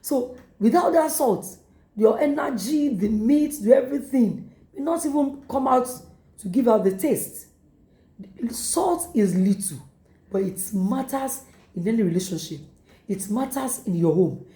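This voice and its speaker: A woman pastor with a Nigerian English accent preaches with repeated urgings, slipping into quoted lines. Her voice is warm and mellow, and it rings in an echoey room. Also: on the high side, expressive, a little slow. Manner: repetitive exhortation with acted quotes. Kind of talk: sermon.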